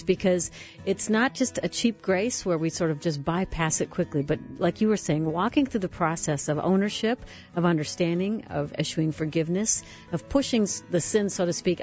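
Radio host, woman, dull broadcast sound, faint music under her voice. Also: lowish voice. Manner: warm storytelling, laughs often. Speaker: radio talk show host. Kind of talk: Christian radio talk show.

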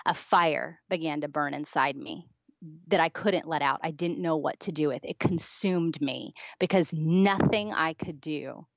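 A woman's voice: low voice, measured pace, vocal fry, no room sound, highs cut off. A woman being interviewed as a guest author, earnestly telling a personal story and acting out the past dialogue.

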